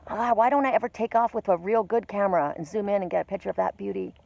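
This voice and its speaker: A woman giving an oracle card reading outdoors by the water, talking excitedly and breaking into gasps and exclamations. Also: mid-range voice, fast talker, vocal fry, hardly any pauses, a little hiss or hum.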